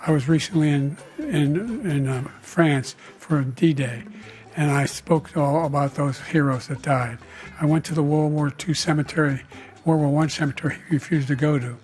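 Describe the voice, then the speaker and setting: A man politician speaking in a debate with a halting, stumbling delivery. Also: on the high side, a little mellow, poor audio. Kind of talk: debate speech.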